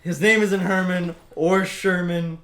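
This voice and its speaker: Gravelly, slow-talking male storyteller. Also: high-pitched, steady tone, bright, forceful tone. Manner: jokey, laughs at his own asides. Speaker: storyteller host. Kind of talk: casual storytelling. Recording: echoey room, faint hiss.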